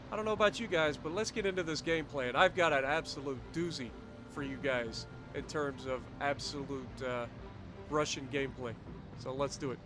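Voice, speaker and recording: A man's voice: a little high, fairly bright tone, slight background noise. A man hosting a gaming channel, giving chatty, enthusiastic and jokey commentary over his gameplay.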